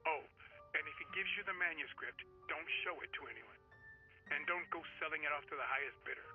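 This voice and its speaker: A pushy male publisher colleague in a video game, coaxing and urgent, as a man voices him. His fairly high voice comes through a thin, tinny phone line. Faint game music hums underneath. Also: fairly quick, lightly acted.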